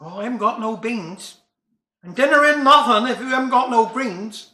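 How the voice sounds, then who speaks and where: A man's voice: extremely high pitch, normal speed, bright, forceful tone, reverberant. A man doing a fussing country wife. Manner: complaining, homely dialect. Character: fussing country housewife, older woman.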